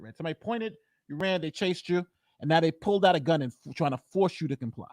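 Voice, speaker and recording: A man, a lawyer, giving blunt, emphatic reaction commentary and thinking out loud about a trial. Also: fairly high pitch, fast, no echo.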